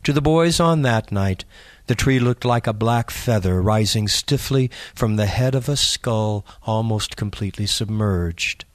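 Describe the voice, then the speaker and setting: Guy narrating a creepy audiobook, slow suspense, dry close sound. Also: fairly low pitch, dry recording. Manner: measured, suspenseful reading.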